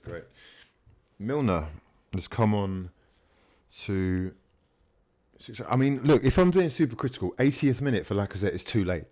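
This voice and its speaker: A man hosts a live fan watchalong, talking over the game in a voice of middling pitch. He grumbles and mutters between plays, then erupts into swearing and shouts at the players. Apologies for the outbursts follow in a lower tone. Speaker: fan channel host.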